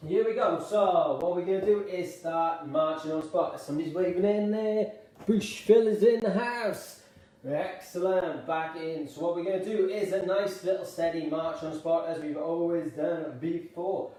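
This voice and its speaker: A man's voice: a little high, mellow, recorded from a distance. A man from Wales, an exercise instructor, leading a live online class at home in an upbeat, encouraging, chatty way. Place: room at home. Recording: echoey room, voice from afar.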